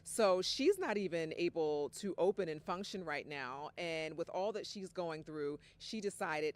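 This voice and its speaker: A woman's voice: low-pitched, animated, unhurried, few pauses. A woman field reporter giving a live TV news report from outdoors on location, chatty and casual. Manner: chatty, casual, warm-hearted.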